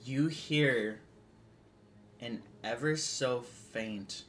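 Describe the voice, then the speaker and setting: A man narrates a tabletop game as dungeon master, pausing and restarting as he pieces the scene together. He speaks at an unhurried pace. A faint hiss runs behind his voice. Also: medium pitch, a bit bright. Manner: halting, filler-heavy narration.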